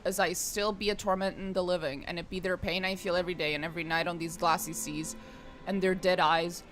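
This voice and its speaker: A woman's voice: on the low side, steady tone, fairly quick, a bit bright, faint music behind, natural voice. A woman voicing a menacing old male ghost pirate in a game, in a theatrical put-on pirate voice that drifts toward a drawl. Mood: brooding.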